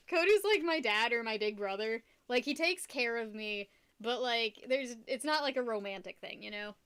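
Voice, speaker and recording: A young woman streaming while she paints, chatting casually, rambling and laughing often, and getting loud when excited. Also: on the high side, normal speed, clear, resonant tone.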